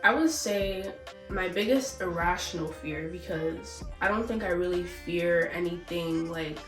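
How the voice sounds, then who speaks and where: A woman's voice: fairly low pitch, a little slow, distant mic. A young woman vlogs in a loose, casual way, cursing freely and acting out both sides of old arguments. She sounds a little sick and short of breath. Her voice is a bit off-mic in a roomy space, with faint music behind her. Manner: animated, profane, acts out both sides of arguments. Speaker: vlogger. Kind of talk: casual storytelling vlog.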